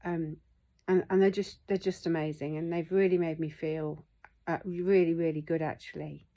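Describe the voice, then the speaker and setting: A woman's voice: sits low, little pitch movement, normal speed, mellow. A middle-aged woman, telling a personal story in a candid, emotional vlog and swearing freely. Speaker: vlogger.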